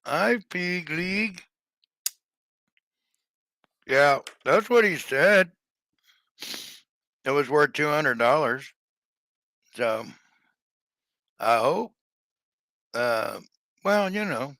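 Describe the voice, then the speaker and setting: Man, livestream seller, casual rambling chat, unhurried, bright tone. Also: medium pitch, animated, no echo. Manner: rambling, slow, with many fillers and restarts.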